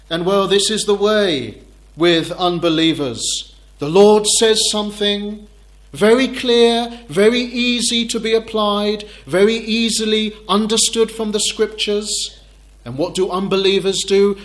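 A man preaching an expository sermon, slow and deliberate, asking rhetorical questions. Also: high-pitched, a bit bright.

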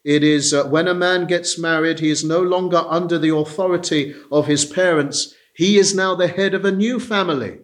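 A man preaching an expository sermon at a measured pace, pausing often on "uh" as he works through a verse. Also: a little high, fairly even intonation. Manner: measured, deliberate, with frequent "uh" pauses.

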